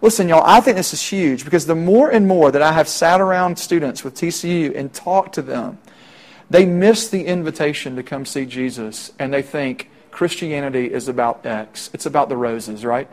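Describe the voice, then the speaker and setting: Man, young adult, campus preacher, conversational sermon, rhetorical questions, slightly high voice. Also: moderate pace, darkish tone. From Middle Tennessee. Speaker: campus minister.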